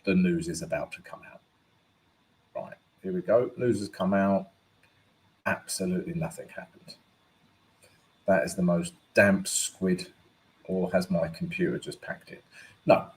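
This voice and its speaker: A man's voice: sits low, fairly even intonation, a little slow, pauses often, rough recording. A man hosting a live trading stream, chatty and upbeat, thinking aloud with fillers and tag questions as he walks through charts and greets viewers by name. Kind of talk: casual live-stream market commentary.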